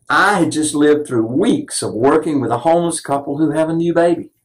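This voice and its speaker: A man's voice: on the high side, low-quality recording. An older man minister delivering an earnest, self-deprecating sermon full of personal stories.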